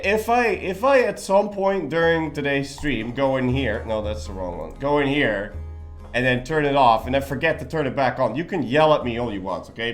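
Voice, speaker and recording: A young man casually chatting while live-streaming a strategy game, rambling and joking and swearing freely. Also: medium pitch.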